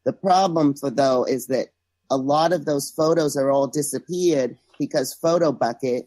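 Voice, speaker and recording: A woman's voice: rumbling low, normal speed, warm tone, dry recording. A woman being interviewed as a guest, chatting casually and gossiping with joking asides. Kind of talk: casual podcast chat.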